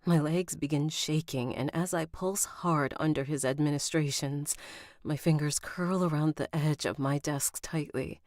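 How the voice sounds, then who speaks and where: A woman's voice: low voice, fairly even intonation, measured pace, darkish tone, dry recording, clean studio sound. A woman recording an audiobook on a live stream, rereading lines and stopping to comment and laugh at herself. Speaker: audiobook narrator.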